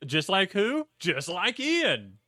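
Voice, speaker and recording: A young adult man co-hosting a casual film-review podcast, animated, acting out lines he quotes and swearing casually. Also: high voice, slow pace, no room sound, clean studio sound. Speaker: podcast co-host.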